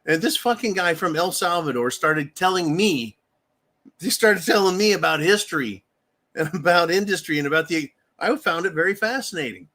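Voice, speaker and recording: A man delivers a fierce political rant in a high, sharp, bright voice. He swears often and turns angry and mocking as he talks. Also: lively intonation, moderate pace. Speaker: political commentary host.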